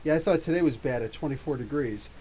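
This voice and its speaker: A man's voice: medium pitch, quick pace, mellow. A man hosting a casual live-stream podcast, greeting chat viewers by name with light jokes and mild swearing. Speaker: podcast host. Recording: faint hiss.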